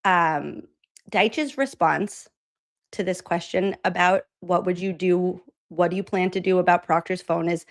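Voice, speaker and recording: A woman's voice: lowish voice, measured pace. A woman hosting casual political commentary, chatty and opinionated, with lots of "like" fillers.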